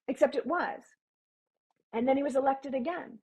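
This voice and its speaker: A woman's voice: sits high, normal speed, darkish tone, poor audio. A woman, a podcast guest making emphatic, opinionated points in casual interview talk. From Canada. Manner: emphatic, opinionated, builds points in long runs.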